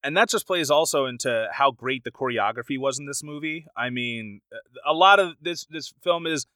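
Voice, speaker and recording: A man co-hosting a casual podcast, discussing a film with animated enthusiasm and now and then acting out crowds in raised voices. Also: mid-range voice, normal speed, no echo. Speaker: podcast co-host.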